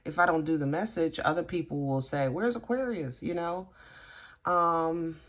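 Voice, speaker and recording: A woman giving a casual tarot reading, halting and gently reassuring, often restarting her sentences. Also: low voice, steady tone. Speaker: tarot reader.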